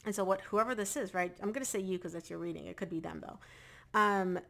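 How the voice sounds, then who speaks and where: A woman's voice: mid-range voice, quick pace, vocal fry, fairly bright tone. A woman giving a casual tarot reading to camera, talking straight to the viewer and repeating phrases for emphasis. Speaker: tarot reader.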